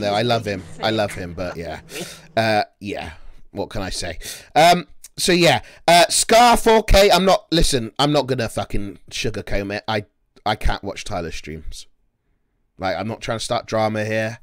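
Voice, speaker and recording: A man's voice: fairly low pitch, lively intonation, moderate pace, no echo, clean studio sound. Brash, foul-mouthed male streamer. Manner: brash, profane, mocking. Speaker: livestreamer. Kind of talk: casual live-stream chat.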